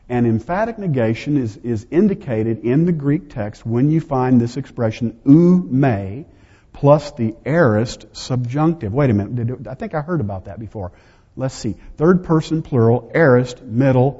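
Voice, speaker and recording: A man's voice: mid-range voice, warm tone, slightly rough. A man preaching a sermon to a seated audience, teaching a Bible lesson in a conversational way, with chatty asides to himself and the room. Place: large hall before a seated audience. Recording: dull audio with long hall reverb.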